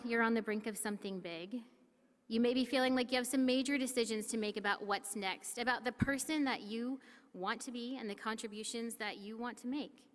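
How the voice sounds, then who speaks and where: Female commencement speaker, fairly high voice, earnest and measured, long hall reverb. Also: a bit bright. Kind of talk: formal ceremony speech.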